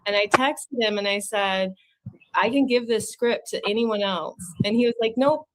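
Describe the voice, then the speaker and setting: A woman's voice: medium pitch, steady tone, normal speed, poor audio. A woman filling in as livestream host, laughing at herself and bantering with guests over a video call. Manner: laughing, self-deprecating, warm banter. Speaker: stand-in show host. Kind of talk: casual livestream chat.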